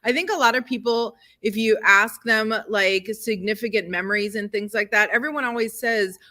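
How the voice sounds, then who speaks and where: A middle-aged woman chats effusively, laughing easily and filling her talk with "like" and "you know". Her voice is bright and a little high. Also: moderate pace. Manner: effusive, laughs often, many fillers. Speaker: podcast co-host. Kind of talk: casual chat.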